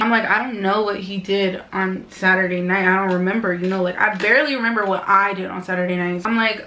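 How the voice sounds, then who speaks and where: A woman's voice: mid-range voice, fairly even intonation, normal speed, sharp tone. A young woman in a casual storytime vlog, chatty and dramatic, acting out both sides of the conversations she retells. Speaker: beauty vlogger. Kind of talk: casual storytime while doing makeup. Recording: echoey room.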